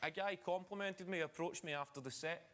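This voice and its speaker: Dry Scottish comedian with a slightly raised pitch, heavy hiss over the clip. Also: male voice, fairly quick. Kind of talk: interview anecdote. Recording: archive clip with loud noise.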